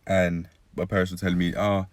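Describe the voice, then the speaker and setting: Young male vlogger, deep voice, dry-throated, rambling and reflective; dry, close recording. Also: little pitch movement, fairly quick, dry recording. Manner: rambling, reflective, frequent self-corrections. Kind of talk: casual personal vlog monologue.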